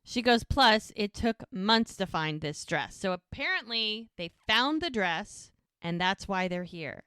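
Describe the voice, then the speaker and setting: A woman co-hosting a podcast, retelling a TV episode in an animated, chatty way and quoting the characters. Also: mid-range voice, unhurried, smooth, dry recording. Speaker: podcast co-host. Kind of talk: casual recap of a TV episode.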